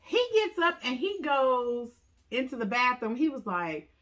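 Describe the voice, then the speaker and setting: A woman's voice: a little slow, noisy background. A woman casually telling a story to viewers, often calling them "y'all" and acting out what people said with big jumps in her voice. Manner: animated, acts out quotes with big pitch jumps; talks straight to viewers, says "y'all" often.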